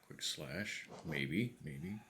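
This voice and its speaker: A man streaming a game, chatting with viewers in a relaxed, wry way and muttering to himself as he plays. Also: rumbling low, very slow, noisy background. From American Midwest. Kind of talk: casual gameplay commentary chatting with viewers.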